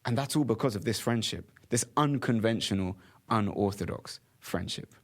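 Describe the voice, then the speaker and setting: A man from the UK co-hosting a casual podcast conversation, animated and laughing often. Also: on the low side, moderate pace. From United Kingdom. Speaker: podcast co-host.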